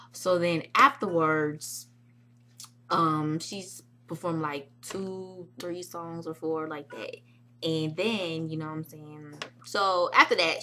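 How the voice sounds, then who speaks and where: A young woman excitedly telling a vlog story, acting out quotes with squeals and shouts. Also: deep voice, a little hiss or hum. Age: young adult. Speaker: vlogger recounting a club night.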